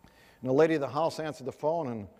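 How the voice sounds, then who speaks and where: Earnest male preacher with a high voice, heard with long hall reverb. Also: quick pace, darkish tone. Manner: earnest, rhetorical questions to the audience. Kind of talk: sermon.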